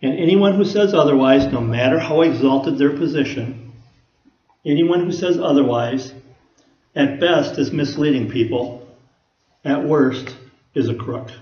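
A man's voice: a little high, measured pace, pauses often. A man preaching a sermon in a folksy, conversational way, often asking the listeners rhetorical questions. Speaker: pastor. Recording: echoey room, dull lo-fi sound.

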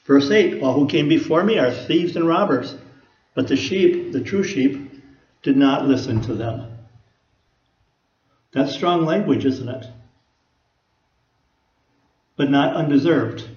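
In a folksy, chatty sermon full of rhetorical questions for his listeners, a pastor speaks in a fairly high, darkish voice at a measured pace, pausing often. The recording is lo-fi and dull, made in an echoey room.

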